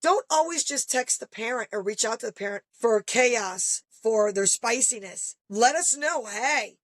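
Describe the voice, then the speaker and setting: A woman's voice: on the high side, moderate pace, dry recording. A middle-aged woman, a parent, talking casually and animatedly, acting out the people she quotes. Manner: animated storyteller, acts out quoted voices. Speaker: guest parent. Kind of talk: casual podcast conversation.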